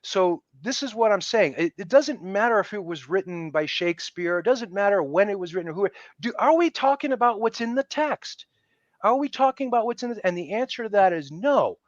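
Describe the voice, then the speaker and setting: A man talking as a podcast guest in a casual interview, emphatic and animated, acting out the people he quotes. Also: high voice, a little fast, no room sound, muffled recording.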